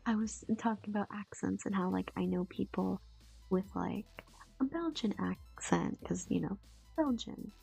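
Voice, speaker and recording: A woman's voice: medium pitch, a little slow, warm tone. A young woman voice actor chatting casually on a stream, rambling with lots of fillers and casual swearing. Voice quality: husky, gravelly. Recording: dull lo-fi stream audio with faint music.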